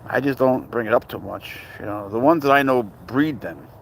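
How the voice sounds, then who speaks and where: A man from Canada with a mid-range voice chats loosely with his live viewers. His talk is slangy and easygoing, and faint noise sits under it. Now and then he switches to high, playful baby talk. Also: expressive, moderate pace, creaky. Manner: slangy, shouts out viewers' locations. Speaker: pet livestream host. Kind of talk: casual live chat with viewers.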